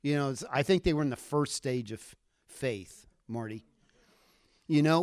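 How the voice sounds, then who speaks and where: A male preacher telling a scripture story with a lot of energy, and his pitch sits a little above most men's. The sound is dry and close with no room echo, and he slips into character voices for the quotes. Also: a little slow, a little mellow, smooth. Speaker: pastor. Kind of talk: sermon.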